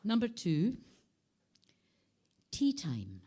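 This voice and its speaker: A woman's voice: mid-range voice, huge pitch swings, extremely slow, dark tone, a little hiss or hum. A woman giving a live poetry reading, playful and shifting her voice and dynamics as she reads. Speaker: poet. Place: live venue.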